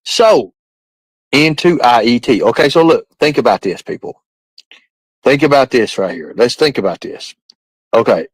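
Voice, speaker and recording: A man's voice: medium pitch, lively intonation, moderate pace, pauses often, slightly rough, no room sound, low-quality recording. Guy on a livestream rambling at chat, bouncy up and down voice, dry sound. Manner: rambling, repetitive, quizzing the chat. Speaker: livestream host. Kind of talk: casual live-stream talk to chat.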